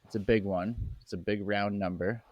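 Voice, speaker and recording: A young man hosting a comedy podcast, laid-back and quick to laugh as he runs a game. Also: lowish voice, steady tone, no room sound, muffled recording. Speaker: podcast host running the game. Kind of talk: casual comedy chat.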